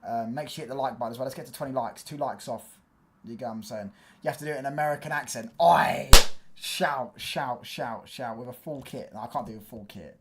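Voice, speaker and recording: A man's voice: mid-range voice, racing, very noisy. A young man hosting a football livestream, chatting loosely in slang. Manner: loose, slangy, rambling with fillers. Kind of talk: casual livestream chat.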